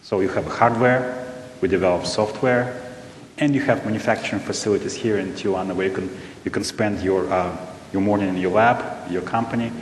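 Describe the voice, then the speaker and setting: Russian-accented man on a roomy stage. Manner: halting, many fillers and restarts. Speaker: panelist, robotics company scientist. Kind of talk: panel discussion answer. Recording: echoey hall with faint rumble.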